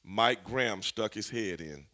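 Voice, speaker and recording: A former pro wrestler, a man, spins backstage stories in a loose, profane interview style. His voice is bright and forward, and his pitch swings widely as he gets worked up and laughs through his telling. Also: measured pace. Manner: animated, profane, laughing storyteller. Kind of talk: casual storytelling interview.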